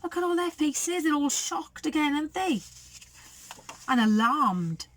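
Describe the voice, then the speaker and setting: Slow, lively woman reading a picture book. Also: high-pitched, rough recording. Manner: expressive, chatty asides. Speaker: storyteller.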